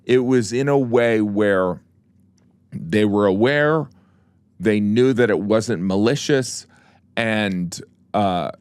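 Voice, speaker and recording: A man's voice: fairly low pitch, a little mellow, smooth, no room sound. A man chatting as a podcast guest, rambling with many restarts and dry teasing. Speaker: guest comedian. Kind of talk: casual podcast chat.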